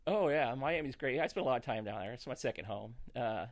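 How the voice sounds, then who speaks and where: A man, a comedian, telling a story in casual chat, animated and laughing through it. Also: mid-range voice, brisk. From rural United States. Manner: animated, laughs through his own stories. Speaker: comedian guest.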